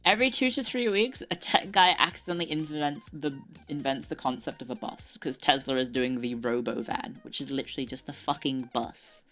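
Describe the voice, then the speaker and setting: A woman's voice: rumbling low, fairly even intonation, moderate pace, hardly any pauses, a bit bright, soft background music. A young adult woman streamer chatting casually, swearing and laughing often. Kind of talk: casual live-stream chat. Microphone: desk mic with earbuds.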